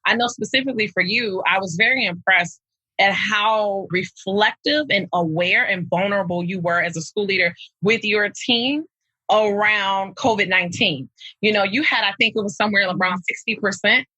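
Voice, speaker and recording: A woman's voice: mid-range voice, normal speed, sharp tone, husky, dry recording, low-quality recording. A woman hosting an interview, reflecting on her guest's points and circling back with small restarts. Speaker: podcast host. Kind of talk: interview conversation.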